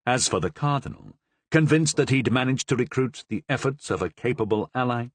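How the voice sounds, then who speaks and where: Expressive male audiobook narrator. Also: medium pitch, no room sound. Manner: expressive, measured reading. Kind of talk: scripted narration.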